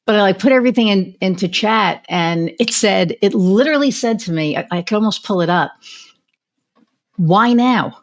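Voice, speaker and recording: A woman's voice: mid-range voice, expressive, fairly quick, hardly any pauses. A woman hosting a podcast, talking casually with lots of fillers and a chatty manner. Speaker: podcast host.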